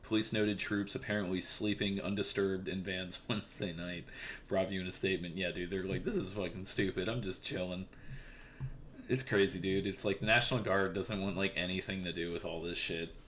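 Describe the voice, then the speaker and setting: Young male streamer with a deep voice, swearing and rambling through news commentary over faint noise. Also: flat delivery, fairly quick, fairly bright tone. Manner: profane, rambling, filler-heavy.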